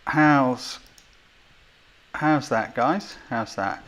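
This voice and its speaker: A man's voice: mid-range voice, moderate pace, creaky, a bit bright. An English man hosting a live photography stream, chatty, self-deprecating and full of thanks to his viewers. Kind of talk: casual live-stream chat. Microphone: desk mic with levels being adjusted.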